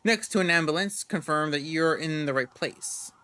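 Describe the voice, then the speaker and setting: A man's voice: fairly high pitch, moderate pace, bright, forceful tone, clear, resonant tone. A man reading game narration aloud casually, often stumbling and restarting words. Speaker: gamer reading a visual novel aloud.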